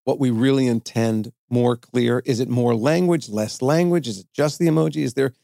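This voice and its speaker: A man's voice: mid-range voice, normal speed, vocal fry, warm tone, dry recording, clean studio sound. A man co-hosting a podcast, wry and teasing, asking the guest questions. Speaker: podcast co-host. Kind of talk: casual chat.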